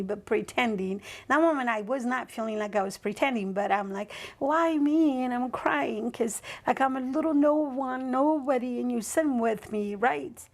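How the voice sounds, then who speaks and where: Her voice is a little high and creaky. She's a guest on a podcast, sharing a personal story in casual interview style, musing and meandering and often tossing in "right?" to check in.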